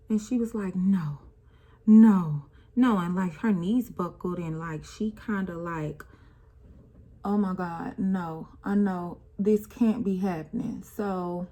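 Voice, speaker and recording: A woman's voice: lowish voice, a little mellow. A young woman talking through an emotional personal story while doing her makeup, with a casual, rambling, conversational delivery and speech. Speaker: vlogger.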